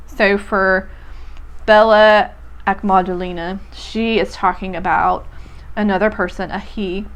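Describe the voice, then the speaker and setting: A woman's voice: medium pitch, steady tone, measured pace. A young woman reading a poem aloud and musing over its lines in a casual, reflective way. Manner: reflective, musing, many "like" and "um" fillers. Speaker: poetry podcast host. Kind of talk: casual poetry reading and commentary.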